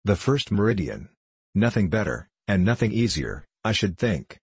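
A man's voice: fairly low pitch, big pitch swings, moderate pace, slightly rough, no room sound, exaggerated voice. A man reading an audiobook, voicing a scheming, contemptuous foreign diplomat who speaks in a guttural, mocking, condescending way.

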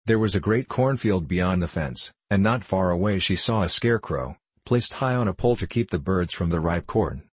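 Male audiobook reader, deep and husky, dry close-miked sound. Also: expressive, normal speed, few pauses, no room sound. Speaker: audiobook narrator. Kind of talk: scripted storybook narration.

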